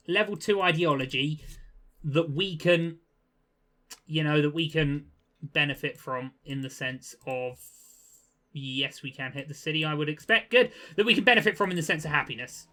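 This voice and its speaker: A young man giving casual gameplay commentary, chatty and quick to get exasperated, with jokey asides. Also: on the high side, bright, forceful tone. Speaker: gaming video creator.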